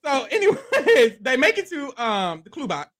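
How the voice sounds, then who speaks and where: Animated laughing recap co-host. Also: high-pitched, normal speed. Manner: animated and playful, laughing often, acting out quotes; loose, profane slang. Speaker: podcast co-host. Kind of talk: casual reality-show recap chat.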